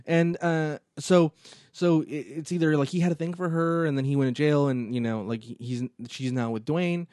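Casting: male podcast co-host, warm mellow tone, dry close sound, animated storyteller. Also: fairly high pitch, moderate pace, no room sound. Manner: animated storytelling, acts out movie lines. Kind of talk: casual chat.

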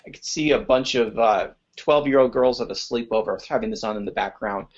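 A man's voice: mid-range voice, brisk. A man in his forties chatting casually on a podcast, rambling and hesitant with lots of fillers. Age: 40s. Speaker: podcast co-host. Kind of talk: casual chat. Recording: dull lo-fi sound.

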